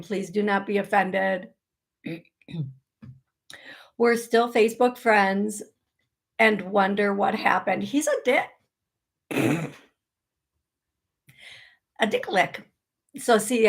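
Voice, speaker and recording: A middle-aged woman with a mid-range voice hosts a live call-in show as a psychic medium, chatting bluntly and laughing at her own asides.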